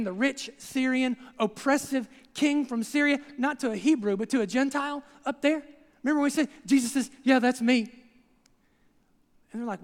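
An older man preaches with a voice pitched unusually high for a man, telling the story with animated energy and putting on the crowd's voices. His words ring out with a long reverb, as in a large church hall. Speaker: pastor. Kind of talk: sermon.

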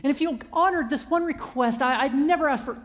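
A man voicing a sweet young wife who coaxes her husband in a soft, sugary tone, heard with long reverb in a large hall. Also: very high voice, fairly quick, voice pushed up. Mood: sweetly pleading.

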